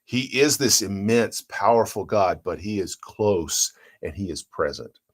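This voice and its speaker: An earnest pastor delivers a devotional sermon. He talks plainly and warmly to his flock, reading scripture aloud and then unpacking it verse by verse. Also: low-pitched, expressive, a little slow. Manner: earnest, plain-spoken, reads and explains scripture.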